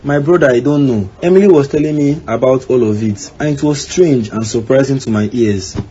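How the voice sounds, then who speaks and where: A man's voice: mid-range voice, a little fast, dark tone, close to an everyday voice. A man voicing an evasive young husband in a cartoon, answering defensively. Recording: slightly dull with faint background noise.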